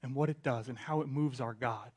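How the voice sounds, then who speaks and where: A man, a pastor in his thirties, preaching a sermon in a conversational way, stumbling over restarts and swinging from hushed asides to loud outbursts. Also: medium pitch, fairly quick, slight background noise.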